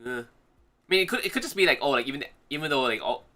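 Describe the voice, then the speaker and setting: Male podcast co-host, very bright tone, rambling casual delivery. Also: a little high, lively intonation, very fast. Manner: rambling, filler-heavy, many restarts. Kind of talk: casual chat.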